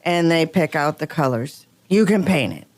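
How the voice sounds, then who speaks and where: A woman's voice: low-pitched, lively intonation, normal speed, no room sound. A woman hosting a radio talk show, chatty and upbeat as she introduces guests. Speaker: radio show host and real estate broker.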